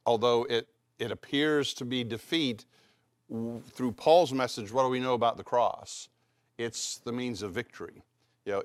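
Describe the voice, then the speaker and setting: A man's voice: mid-range voice, fairly bright tone, no echo, studio quality. A man preaching a Palm Sunday sermon to his congregation in a loose, conversational way, full of fillers and restarts. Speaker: pastor.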